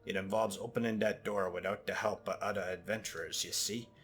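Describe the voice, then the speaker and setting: A man's voice: sits low, steady tone, a little fast, a bit bright, faint music behind. A man voicing a greedy, scheming male goblin scout in a game, with a loose put-on Caribbean-ish lilt and slangy broken grammar. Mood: wheedling.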